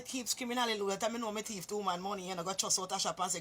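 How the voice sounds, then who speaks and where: A woman's voice: mid-range voice, racing, heavy background noise. A woman with a Jamaican accent telling a story casually to her viewers, chatty and often calling listeners "boy" or "master".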